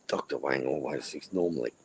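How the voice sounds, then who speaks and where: A man's voice: a bass voice, a little hiss or hum, low-quality recording. A middle-aged man hosting a casual livestream, rambling crudely and repeating his phrases. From Australia. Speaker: livestream host.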